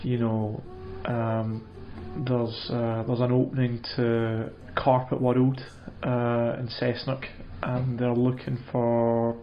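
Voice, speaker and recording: Rambling deadpan man, roomy muffled sound. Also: medium pitch, takes it slowly, faint music behind. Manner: rambling, hesitant, full of restarts and fillers. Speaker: comedian. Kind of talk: deadpan comedic monologue.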